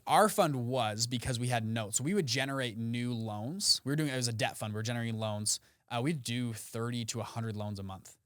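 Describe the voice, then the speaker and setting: A man in his twenties, a podcast guest telling his story with animated, acted-out quotes. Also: mid-range voice, a little fast, dry recording, studio quality. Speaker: podcast guest, fund founder. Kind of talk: casual storytelling interview.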